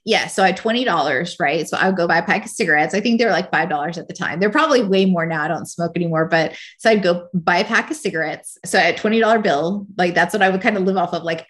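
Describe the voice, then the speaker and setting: A woman guest on a podcast, telling her personal story candidly in a casual, rambling way full of "like". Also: on the low side. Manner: casual, rambling, heavy use of "like".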